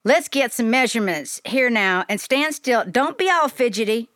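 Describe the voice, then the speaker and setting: A woman's voice: on the high side, animated, normal speed, no echo, studio quality, voice pushed up. A woman putting on a drawling Southern seamstress bee. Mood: sassy drawl. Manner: drawling, bossy and warm. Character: glamorous eccentric female seamstress bee, sassy.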